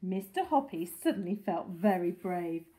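A woman reading a children's story aloud with expressive, animated storytelling. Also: fairly low pitch, normal speed, rough recording. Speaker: storybook reader.

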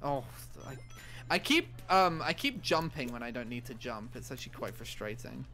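A man's voice: mid-range voice, lively intonation, moderate pace, bright, forceful tone, soft background music. A young adult man with a British accent, chatting casually while gaming, with a dry, playful teasing manner. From Britain. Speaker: co-player.

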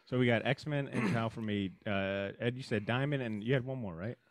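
A man hosting a comic book podcast, running the segments with playful, quick banter. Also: mid-range voice, dry recording. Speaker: podcast host. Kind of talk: casual chat.

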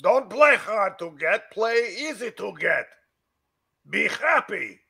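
A man's voice: high voice, big pitch swings, takes it slowly, gravelly, bright, forceful tone, husky. A man, a voice actor on a livestream fan Q&A over a video call, tossing out short dry quips and blunt advice. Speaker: voice actor answering fan questions. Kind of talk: casual livestream Q&A.

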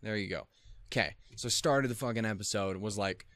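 A man with a fairly low voice talks through an anime reaction in loose, rambling commentary. He swears constantly, apologizes and mocks himself when things go wrong. The sound is close and dry, with no room echo. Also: a little fast, fairly bright tone. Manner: profane, self-deprecating, easily flustered. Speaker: anime reaction video host.

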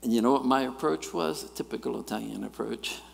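A middle-aged man, preaching a sermon and telling stories in an animated way, swinging between loud and quiet. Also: mid-range voice, fairly quick, creaky, slight background noise. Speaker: guest preacher. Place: church sanctuary. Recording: church hall reverb.

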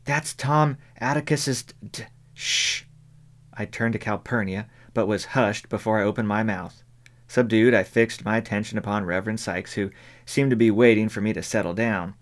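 A man reads a novel aloud as an audiobook narrator, with a measured, even delivery. His voice sits on the low side. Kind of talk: scripted narration.

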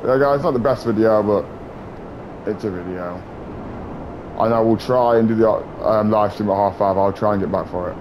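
Excitable trash-talking gamer man. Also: fairly low pitch, moderate pace, noisy background. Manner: excitable, swearing, trash-talking other players. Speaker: gaming YouTuber. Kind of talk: casual gameplay commentary.

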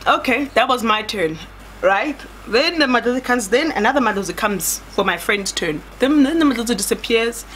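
Animated young woman telling a story. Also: a little high, normal speed, slight background noise. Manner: animated, dramatic, chatty, addresses viewers as "guys". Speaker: vlogger. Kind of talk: storytime vlog.

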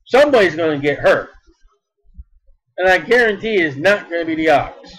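Male preacher, high-pitched voice, emphatic sermon delivery, repeated words, loud and soft swings. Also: expressive, normal speed, low-quality recording.

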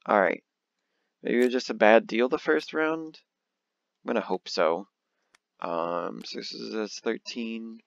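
Gravelly, slow-talking young man. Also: mid-range voice, dry recording, muffled recording. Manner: mutters card sums, then bursts of exasperation. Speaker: let's play host. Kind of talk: casual game commentary.

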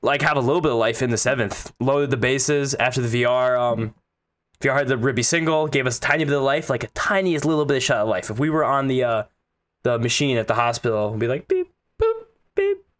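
A man's voice: mid-range voice, fast, a bit bright. A man co-hosting a sports podcast in casual chat, cracking jokes, quoting stats and swearing casually. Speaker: podcast co-host.

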